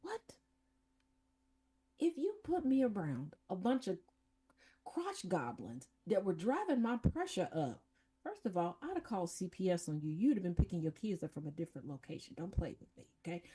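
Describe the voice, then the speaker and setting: A woman's voice: lowish voice, fairly quick, husky. A woman, probably in her fifties, hosting a casual chat and telling blunt, profane family stories. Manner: profane, blunt, animated storytelling with mocking voices. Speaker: podcast host.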